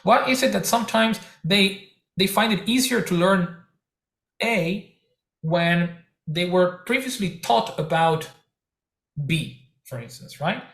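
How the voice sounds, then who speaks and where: A man being interviewed as a researcher, giving careful, halting academic explanations. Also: high voice, expressive, fairly bright tone. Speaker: researcher guest. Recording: echoey room.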